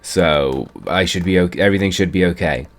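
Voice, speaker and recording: A young anime reviewer with a low-pitched voice briskly recaps an anime episode. His casual summary rambles along, and he chuckles at the story as he goes.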